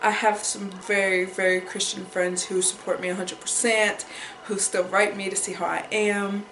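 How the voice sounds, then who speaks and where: A woman's voice: mid-range voice, level tone, normal speed, a bit bright, slight background noise. Upset young woman vlogging in echoey room. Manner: upset, repeats herself, fighting tears. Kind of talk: emotional personal vlog.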